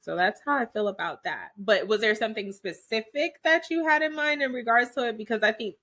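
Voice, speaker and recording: A woman's voice: fairly high pitch, fairly quick, a bit bright. A young adult woman co-hosting a podcast, talking in a thoughtful, hedging way in casual chat. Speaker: podcast co-host.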